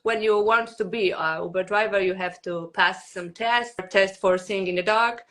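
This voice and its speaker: A young woman from Poland with a Polish accent, chatting about her comedy in slow, halting English. She laughs often between thoughts. Her voice sits at an ordinary middle pitch. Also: steady tone, a bit bright. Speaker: stand-up comedian, guest. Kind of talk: casual interview chat.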